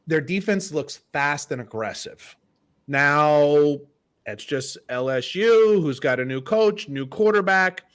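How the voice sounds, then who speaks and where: A man co-hosting a sports podcast, chatting casually and telling stories in a relaxed way that often trails off quietly. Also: fairly high pitch, slow pace, smooth. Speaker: podcast co-host.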